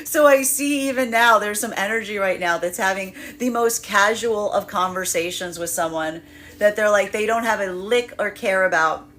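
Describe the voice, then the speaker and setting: A woman's voice: mid-range voice, normal speed, fairly bright tone. A woman giving a tarot reading in a rambling way, repeating words and laughing often. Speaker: tarot reader. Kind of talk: live tarot reading monologue.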